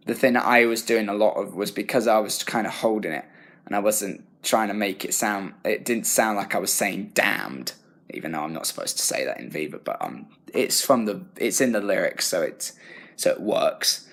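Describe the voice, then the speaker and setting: A young British man, a drama student, talking through his own feedback in a thoughtful, halting way. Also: lowish voice, fairly bright tone. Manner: thoughtful, self-correcting, halting. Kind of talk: reflective self-assessment talk.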